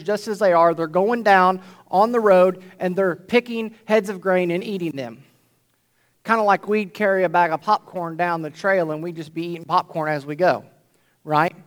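A man's voice: sits high, fairly bright tone. A male pastor preaching a sermon to his congregation in a conversational way, often checking in with "right?". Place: church before a congregation.

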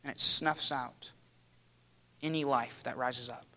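A man preaching a sermon to his church, dramatic and building to loud cries. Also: medium pitch, fairly even intonation, takes it slowly. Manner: dramatic, rising to loud cries when quoting. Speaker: pastor.

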